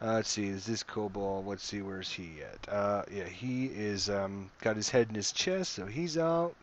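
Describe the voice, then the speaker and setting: A man running an online tabletop game as game master, calmly narrating combat and ruling on moves. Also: lowish voice, measured pace, a little hiss or hum.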